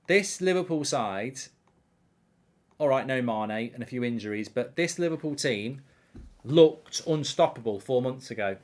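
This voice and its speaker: A man's voice: medium pitch, unhurried. A man hosting a live football watchalong, chatting casually and reading out viewer comments. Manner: animated, reading viewer comments, frequent fillers. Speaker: host.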